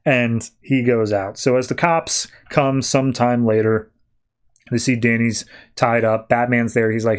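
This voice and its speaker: A man hosting a podcast, casually recapping a comic book story with animated storytelling and quoted lines. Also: mid-range voice, unhurried, smooth. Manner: animated storytelling, quoting characters. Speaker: podcast host.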